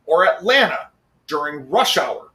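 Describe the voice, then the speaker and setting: High, bright-voiced ranting man. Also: unhurried, echoey room. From Norwegian heritage, US. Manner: profane, ranting, animated. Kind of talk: casual chat.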